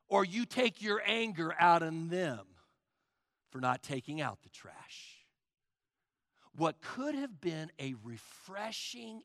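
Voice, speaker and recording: A male pastor preaching a sermon, emphatic and full of rhetorical questions, often trailing off to a hush at the end of phrases. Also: high voice, creaky, no room sound, clean studio sound. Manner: asks the congregation rhetorical questions.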